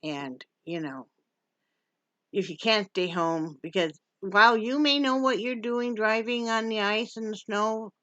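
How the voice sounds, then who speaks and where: A woman's voice: medium pitch, measured pace, sharp tone, no room sound. A woman from Wyoming in a casual home vlog, chatty and joking and cooing at her dog. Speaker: vlogger. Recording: dull lo-fi sound.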